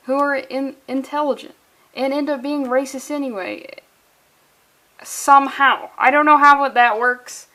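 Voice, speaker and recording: A woman's voice: fairly high pitch, fairly bright tone. A woman giving a casual comic book review, exasperated, sarcastic and swearing freely.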